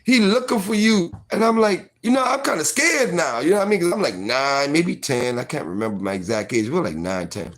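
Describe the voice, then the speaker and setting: Animated man telling a story. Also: medium pitch, a little fast, hardly any pauses. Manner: animated, full of fillers like "you know what I mean". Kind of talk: casual storytelling.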